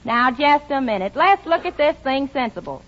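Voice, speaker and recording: A woman's voice: high-pitched, very animated, moderate pace. An actress playing a naive, earnest hillbilly country girl with an Ozark accent, talking in folksy broken grammar, in a 1940s film comedy. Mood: puzzled. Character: naive brash hillbilly country girl turned amateur spy-catcher. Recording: dull old film soundtrack with hiss.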